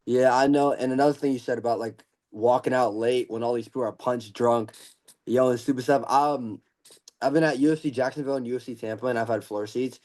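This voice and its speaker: A man's voice: mid-range voice, fairly even intonation, a little fast, a little mellow. An eighteen-year-old man hosts a podcast with a mid-range voice. He chats eagerly and casually, like a fan talking shop. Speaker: podcast host. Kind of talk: casual interview chat.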